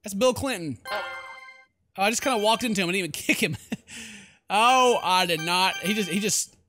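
Goofy, bright-voiced gameplay commentator. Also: male voice, high voice, moderate pace, soft background music. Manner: loud, goofy, shouting and laughing at the game.

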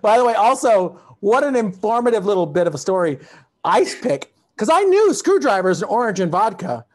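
A man's voice: sits high, sing-song, normal speed. Friendly male podcast host. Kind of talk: casual interview. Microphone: video call.

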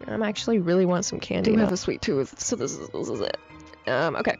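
This young gaming YouTuber talks fast in a lowish, creaky voice, reacting to a game update with excitable, slang-heavy chatter and plenty of fillers. The handheld mic is overdriven and peaking, and faint music sits under the dull lo-fi sound.

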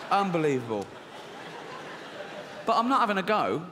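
An English comedian tells a story on stage with a crude, sardonic edge. His fairly high voice swoops around animatedly. The live recording carries a long hall reverb and clear crowd ambience. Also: background noise. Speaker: stand-up comedian. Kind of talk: stand-up comedy. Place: large theatre stage.

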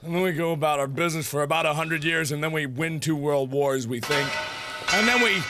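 A man in his twenties hosting a gaming video, loud and goofy, ranting and rambling between frustrated outbursts. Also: on the high side, lively intonation, brisk, faint music behind. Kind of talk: let's play commentary.

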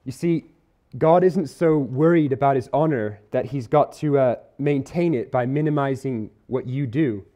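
A man delivers a church sermon in an earnest, conversational way. His voice sits at an ordinary pitch with a soft, mellow warmth. He slows down deliberately to stress the key words. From Isle of Man or UK. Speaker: preacher. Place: church hall.

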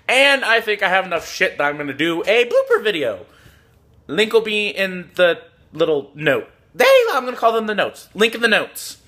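A young man talking casually as he unboxes trading cards on a phone recording, excitable, swearing often and tossing out jokey asides. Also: fairly high pitch. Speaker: card unboxing vlogger.

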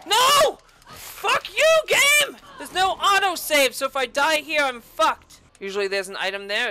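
A woman giving gameplay commentary, yelling and swearing at the game, with sarcastic asides between outbursts. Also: sits high, slight background noise. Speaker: gaming channel host.

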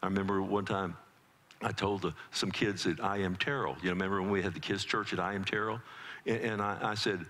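Lively middle-aged pastor preaching a sermon. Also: male voice. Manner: animated storytelling with quick pitch jumps for quoted child voices; frequent restarts and conversational asides to the congregation. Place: church sanctuary.

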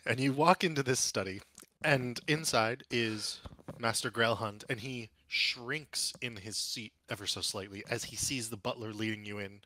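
A man narrating as game master of a tabletop game, relaxed and full of fillers. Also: medium pitch, normal speed, no room sound.

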